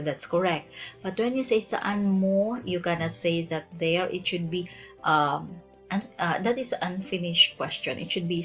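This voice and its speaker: A woman walks through grammar examples in a lowish, patient voice, pausing often with "okay" to check that students follow. The recording is slightly dull and lo-fi, with soft music playing faintly in the background. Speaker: language teacher. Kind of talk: explaining grammar over slides.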